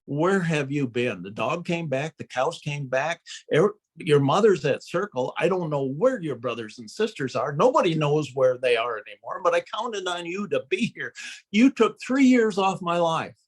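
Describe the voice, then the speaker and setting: A man's voice: a little high, animated, normal speed, husky. Man doing his stern scolding farmer dad. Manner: exasperated scolding. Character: stern worried farmer father scolding son.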